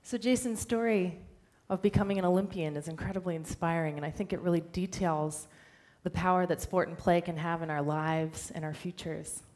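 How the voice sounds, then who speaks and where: A woman speaks on a stage in an earnest, measured prepared talk. Her voice sits a little low for a woman, and her delivery stays clear and steady. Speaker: director of a nonprofit, conference speaker. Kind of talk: prepared speech. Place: stage before a live audience.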